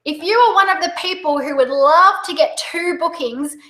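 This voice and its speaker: Upbeat Australian woman coaching a webinar, bright tone, roomy echo. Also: very high voice. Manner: excitable, upbeat, talks fast. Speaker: direct sales coach. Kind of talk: webinar presentation.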